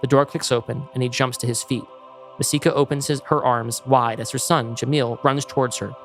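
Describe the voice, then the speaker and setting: A man's voice: mid-range voice, fairly even intonation, brisk. Man reading screenplay, faint music. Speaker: podcast co-host. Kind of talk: reading a screenplay pitch aloud.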